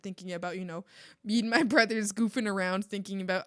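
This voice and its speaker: A young woman from Mexico chatting casually on an art stream, animated and ranting, laughing often and swearing casually. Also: mid-range voice, quick pace, dry recording, studio quality. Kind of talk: casual live-stream chat.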